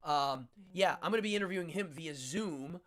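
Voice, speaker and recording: A man's voice: a little high, moderate pace, fairly bright tone, slight background noise. A man hosting a live internet show, chatting casually and rambling with frequent laughs. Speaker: host. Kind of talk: casual live-stream chat.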